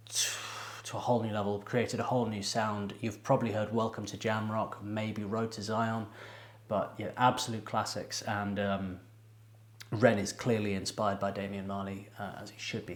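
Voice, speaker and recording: A man with a fairly low voice chats loosely about a track, wandering off on side points and turning to his viewers. He hosts a music reaction channel. His voice rings in an echoey room. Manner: chatty, digressive, addresses viewers directly. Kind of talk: casual reaction commentary.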